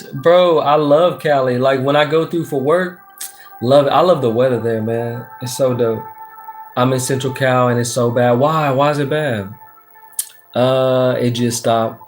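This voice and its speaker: A laid-back man with a drawl chats on a live stream, pulling tarot cards and reading out comments. His voice sits at an everyday middle pitch, and his slangy, easygoing talk is full of shout-outs and the odd curse. Soft music plays faintly behind him. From Texas. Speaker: livestream tarot reader. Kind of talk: casual livestream chat, reading comments aloud.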